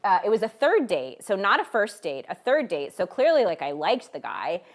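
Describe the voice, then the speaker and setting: A woman's voice: medium pitch, wildly swooping pitch, moderate pace. A woman hosting a talk show in casual chat, chatty, laughing often and restarting her sentences.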